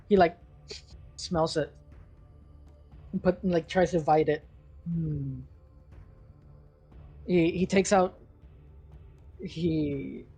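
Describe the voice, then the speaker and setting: A man's voice: fairly high pitch, darkish tone, breathy edge. A man narrating as game master, rambling with lots of fillers and restarts.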